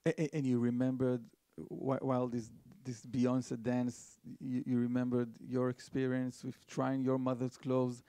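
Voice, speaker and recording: Flat, mellow-voiced male interviewer. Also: mid-range voice, smooth, no room sound. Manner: halting, stumbling questions. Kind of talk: onstage interview questions.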